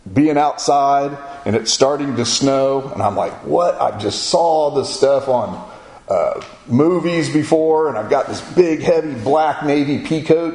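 A man's voice: mid-range voice, gravelly. A middle-aged man from Florida telling a folksy personal story in casual talk. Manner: folksy, animated storytelling with acted-out quotes. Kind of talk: casual spoken memoir. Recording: echoey room with faint ambient noise.

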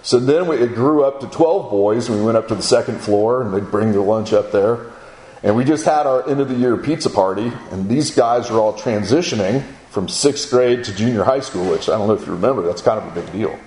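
A middle-aged man preaching in a conversational way, acting out his son's and others' lines in a higher voice. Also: brisk, a little mellow, roomy sound, a little hiss or hum, poor audio. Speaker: speaker at a men's gathering. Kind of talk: sermon-style storytelling.

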